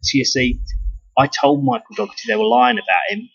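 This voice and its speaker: This man's voice is high, with big pitch swings, vocal fry and a breathy edge, and he talks fairly quickly. A British video blogger, he rambles casually through a monologue, swearing and restarting his sentences, captured with dull, lo-fi sound.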